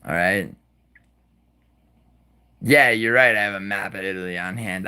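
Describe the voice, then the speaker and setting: Profane ranting man, slightly low voice. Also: measured pace, vocal fry, pauses often, sharp tone. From New York. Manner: profane, rambling, combative ranting. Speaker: livestream host. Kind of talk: casual live-stream chat answering viewers.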